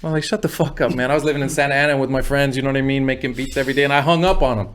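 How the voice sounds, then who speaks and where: A man's voice: medium pitch, steady tone, rapid-fire, a bit bright. Man telling loose, profane stories. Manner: loose, profane, peppered with "you know what I mean". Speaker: music producer guest. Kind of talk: casual storytelling interview.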